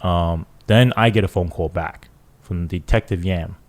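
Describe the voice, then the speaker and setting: A male police sergeant with a low voice tells a story unhurriedly in casual podcast talk. His retelling is animated: he acts out the quoted dialogue and keeps checking in with "right?".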